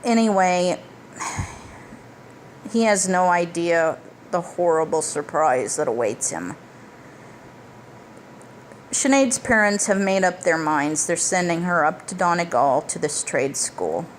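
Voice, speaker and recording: A woman's voice: on the low side, lively intonation, slow pace, pauses often, slight background noise. A woman giving a casual plot recap of a film as a reviewer, blunt and profane, with emphatic asides. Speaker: movie reviewer.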